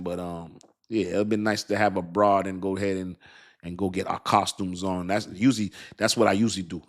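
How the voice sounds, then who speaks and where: A middle-aged American man hosting a casual crypto livestream, chatting with viewers in relaxed slang and laughing often. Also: lowish voice. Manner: laid-back slangy talk, frequent laughs.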